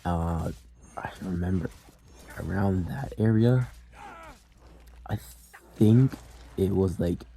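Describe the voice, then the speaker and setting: Slow, creaky, and dark, a young man's low voice tells a story about himself with long pauses. He talks loosely, cursing freely and filling silences with "like" and "you know."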